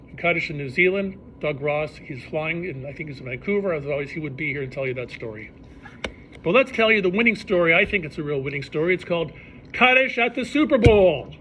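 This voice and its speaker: A rabbi telling stories to a live audience, animated and acting out the people in them. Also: male voice, high-pitched, slight background noise. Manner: animated storyteller, acts out characters' voices. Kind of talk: storytelling talk to a live audience.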